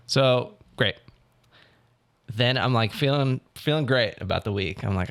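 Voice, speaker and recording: A young man co-hosting a podcast, telling a story in a casual, animated way and acting out what other people said. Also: lowish voice, a little fast. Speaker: podcast co-host. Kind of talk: casual chat.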